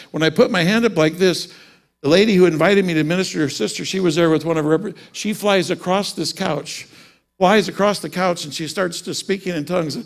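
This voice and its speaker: A man's voice: high-pitched, gravelly. A man preaching a sermon, telling a personal story and then rising into fervent preaching.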